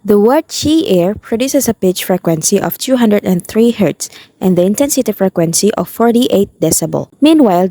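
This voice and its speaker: A young woman from Indonesia, a university student, narrating a prepared phonetics explanation in a careful, even reading voice. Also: mid-range voice, no room sound. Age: young adult. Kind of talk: scripted narration.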